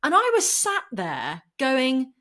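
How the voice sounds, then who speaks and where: A woman's voice: high-pitched, huge pitch swings, slow, fairly bright tone. Emphatic woman, podcast guest. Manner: impassioned, emphatic, laughs often. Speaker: guest, property and mindset coach. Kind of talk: animated podcast conversation.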